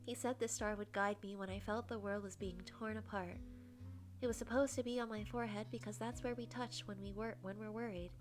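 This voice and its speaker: A young woman with a soft, breathy voice reading a visual novel aloud in first person as a game streamer. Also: mid-range voice.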